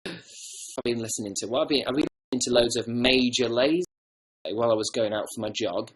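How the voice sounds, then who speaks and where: A young man from the north of England, his accent softened, rambling casually and swearing now and then as he reads viewer comments on his livestream. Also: medium pitch, a little fast. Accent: northern English, softened. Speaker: livestream host.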